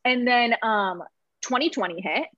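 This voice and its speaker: A woman's voice: a little high, unhurried, a bit bright, lo-fi sound. A woman candidly telling her personal story on a podcast, emotional and laughing through tears, with many fillers. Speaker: podcast guest.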